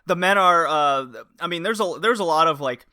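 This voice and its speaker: A man's voice: a little high, normal speed, bright, forceful tone, dry recording, clean studio sound. A man co-hosting a podcast, chatting casually and repeating words as he gropes for them. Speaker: podcast co-host. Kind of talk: casual chat.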